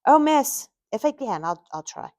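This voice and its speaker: A woman's voice: fairly high pitch, very animated, a little slow. A woman reading a story aloud and voicing a flustered, apologetic man in a raised, emphatic way.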